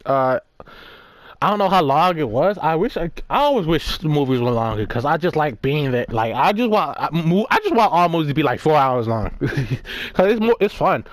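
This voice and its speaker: A man's voice: on the high side, very animated, normal speed, no echo. Rambling, profane young man reviewing a film. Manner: rambling, profane, fillers and restarts. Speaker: YouTuber reviewing a movie. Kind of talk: casual one-take movie review.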